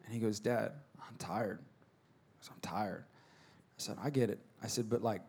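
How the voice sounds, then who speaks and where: A man, preaching a sermon and telling stories, shifting between hushed, soft moments and loud exhorting. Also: lowish voice, moderate pace, breathy edge. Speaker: pastor.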